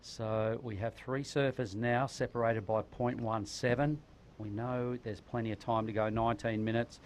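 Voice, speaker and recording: A man's voice: medium pitch, fairly even intonation, moderate pace. A man commentating live surfing with laid-back banter and local slang. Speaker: surf commentator.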